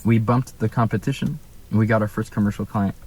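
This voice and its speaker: A young Canadian vlogger rants casually from a room at home, firing off emphatic rhetorical questions. His lowish, slightly mellow voice keeps a steady tone at a slightly fast pace, with a little hiss or hum behind it.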